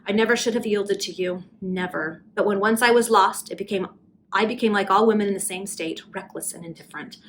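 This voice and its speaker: Bitter, vengeful young woman in a Victorian tale, read aloud by a woman, hoarse with rage and scathing in every word. She speaks with imperious scorn at a middling pitch, with faint hiss behind. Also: brisk, close to an everyday voice, poor audio. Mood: accusing rage. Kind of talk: amateur reading of a Victorian novel.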